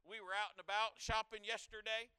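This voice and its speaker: Man preaching, high voice, very bright tone, smooth and clear, often repeats himself. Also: flat delivery, fairly quick, no echo. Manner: earnest, often repeats and restarts words; humorous storytelling with asides to the congregation. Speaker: pastor. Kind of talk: sermon.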